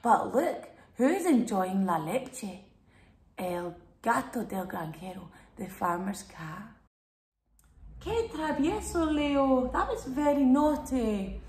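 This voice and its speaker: A woman's voice: mid-range voice, big pitch swings, takes it slowly, a little mellow, echoey room. A woman telling a bilingual storybook lesson to young children, sing-song and exaggerated, prompting them to repeat words. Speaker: children's Spanish teacher and storyteller.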